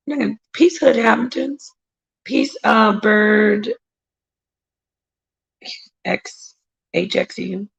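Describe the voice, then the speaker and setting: A woman's voice: medium pitch, gravelly, husky, lo-fi sound. A woman hosting a casual livestream, greeting viewers by name and talking in a rambling, emphatic way. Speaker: livestream host reading viewer chat.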